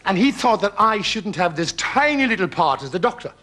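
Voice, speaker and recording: Animated Irish man telling a tale. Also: sits high, fairly quick. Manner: animated storyteller, acting out scenes, laughing through his words. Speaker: talk show guest. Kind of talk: lively anecdote on a talk show. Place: television studio with audience.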